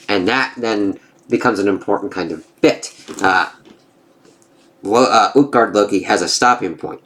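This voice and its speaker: A man's voice: fairly low pitch, a little slow, fairly bright tone. A man reviewing a comic in a loose, casual way, swearing and saying "uh" and "it's like" often. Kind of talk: casual spoken review, reading aloud.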